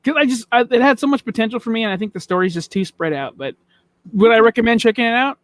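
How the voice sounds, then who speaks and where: A man's voice: very high voice, lively intonation, quick pace. A man co-hosting a casual movie review podcast, playful and a little sassy. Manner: playful, self-described sassy. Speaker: podcast co-host.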